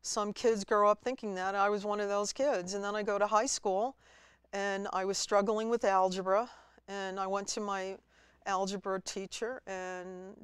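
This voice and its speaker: A woman guest at a college TV studio, telling her story in a lively way and acting out her own past words. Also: medium pitch, moderate pace, clean tone, no echo. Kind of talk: storytelling interview.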